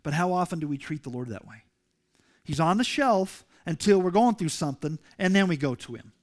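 A man's voice: fairly high pitch, lively intonation, brisk. Emphatic man preaching a sermon. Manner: emphatic preaching, rising loud on scripture. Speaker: pastor. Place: church sanctuary.

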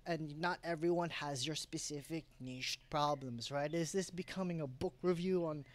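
Young male vlogger, slightly high voice, rambling and self-correcting, at his home desk. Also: moderate pace. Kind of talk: rambling casual vlog. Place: home desk setup, indoors.

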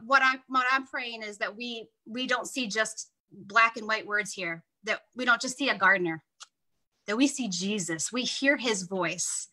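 A woman with a bright, fairly high voice leads a morning devotional. She talks to her listeners in an earnest, heartfelt and conversational way, as if sharing with friends. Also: rough recording. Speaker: Bible study leader. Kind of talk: devotional teaching.

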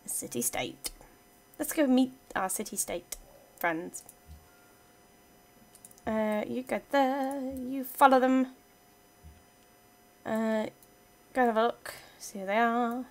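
A woman's voice: on the high side, slow, vocal fry, pauses often. A woman giving casual let's-play commentary, chatting playfully to her game units as she plays. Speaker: gaming channel host.

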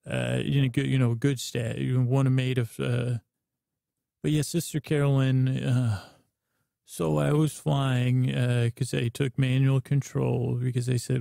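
A man hosting a sleep podcast, rambling and stammering in a low-key way as a downcast spaceship pilot writing to his pen pal. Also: flat delivery, a little slow, creaky, mellow, no room sound, clean studio sound. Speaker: podcast host and storyteller. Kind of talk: rambling sleep-story improv.

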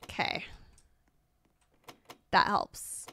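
A young American woman chatting excitedly while livestreaming a game, reading out chat and reacting with bubbly exclamations. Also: drawn-out words. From United States. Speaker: streamer. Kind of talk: live game commentary.

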